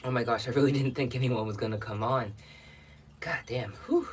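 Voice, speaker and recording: A man's voice: mid-range voice, brisk, slight background noise. A man hosting a casual livestream, chatting and rambling with viewers and greeting them by name, a little out of breath. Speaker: livestream host.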